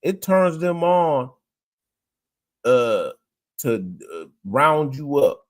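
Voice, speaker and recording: A man's voice: on the high side, big pitch swings, drawn-out words, dry recording. A man hosting a podcast in casual chat, rambling, hunting for words and quoting scripture. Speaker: podcast host.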